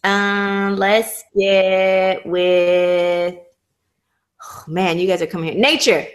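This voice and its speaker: A woman and new mother hosting a live stream, chatting casually with callers in a playful, expressive way. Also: medium pitch, takes it slowly, soft background music. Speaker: livestream host.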